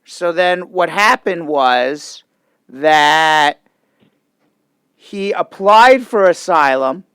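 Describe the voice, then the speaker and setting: Male attorney host, high-pitched and emphatic, dry studio sound, fields callers' questions. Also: animated, fairly bright tone, clean tone, dry recording. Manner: emphatic, explains rapidly and repeats points. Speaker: immigration lawyer hosting a call-in show. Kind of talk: call-in legal advice show.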